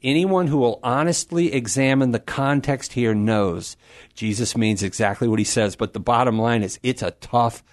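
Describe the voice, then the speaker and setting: A middle-aged man hosting a call-in radio show, explaining Scripture to a caller in an animated, emphatic way and acting out crowd voices for humor. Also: mid-range voice, normal speed. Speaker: Catholic radio host answering a caller. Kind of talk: call-in radio Bible teaching.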